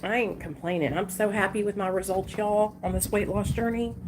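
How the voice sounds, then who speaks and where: Over background noise, a chatty country woman from Arkansas hosts a casual livestream chat, speaking fairly quickly in a steady, mid-range voice. Her manner is folksy, and she calls her viewers "honey" and "y'all."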